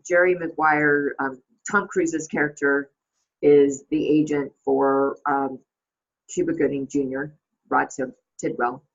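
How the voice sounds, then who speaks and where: A woman's voice: low voice, slightly rough, muffled recording. A woman hosting a casual reflective monologue, rambling with many fillers and restarts. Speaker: host.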